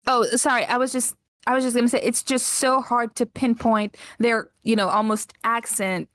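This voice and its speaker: A woman co-hosting a podcast, chatting casually and chiming in with quick agreement. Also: fairly high pitch, level tone, fairly bright tone, no room sound. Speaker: podcast co-host. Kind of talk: casual chat.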